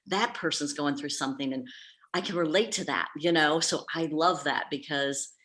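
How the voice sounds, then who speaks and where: A woman with a low voice talks candidly at a group meeting, telling a personal story in a chatty way. She leans on fillers and trails off now and then. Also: normal speed, a bit bright. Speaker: professional organizer. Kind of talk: casual group meeting talk.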